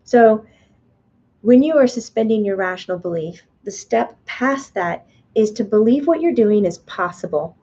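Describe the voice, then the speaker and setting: Animated woman teaching a live online class. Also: medium pitch, normal speed, muffled recording. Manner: animated, chatty, playfully acts out the mind's voice. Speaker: spiritual teacher and medium. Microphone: webcam or computer mic on a video stream.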